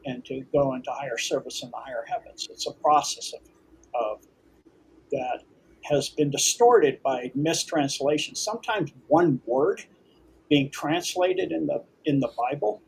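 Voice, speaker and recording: A man's voice: medium pitch, gravelly, slight background noise, low-quality recording. A man being interviewed as a guest, explaining things earnestly. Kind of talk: casual interview chat.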